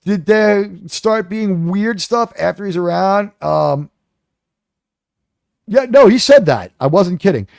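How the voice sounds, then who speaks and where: A man's voice: high voice, lively intonation, slow, gravelly, a little mellow, dry recording, studio quality. A man hosting a live stream, ranting and telling stories in a sarcastic, mocking way. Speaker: livestream host.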